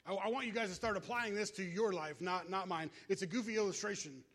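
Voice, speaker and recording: A man's voice: high voice, fast talker, fairly bright tone. A man preaching a sermon as pastor, in a casual, conversational way, calling out to the congregation.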